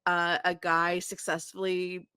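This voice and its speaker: A woman co-hosting a podcast in casual chat, unhurried and trailing off into fillers. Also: lowish voice, monotone, sharp tone, clear, resonant tone, dry recording, studio quality. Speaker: podcast co-host.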